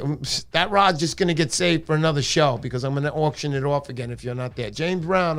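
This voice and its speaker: A middle-aged man hosting a casual livestream, playful and jokey with loud bursts of excitement. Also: a little high, clean tone. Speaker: livestream host.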